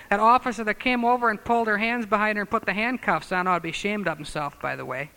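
Man, preacher, sermon, high-pitched, bright tense tone, emphatic, scornful asides, long hall reverb. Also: quick pace, clean tone. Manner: emphatic, swings from loud declarations to low muttered asides.

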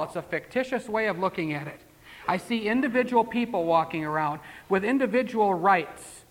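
A man's voice: high voice, a bit bright. A man preaching a sermon in a folksy, conversational way, full of rhetorical questions and asides. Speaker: pastor. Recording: long hall reverb.

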